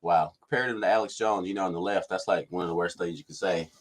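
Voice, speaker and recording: A man's voice: deep voice, quick pace. A man hosting casual political commentary, ranting and mimicking officials. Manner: ranting, mocks officials in put-on voices. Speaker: commentary channel host.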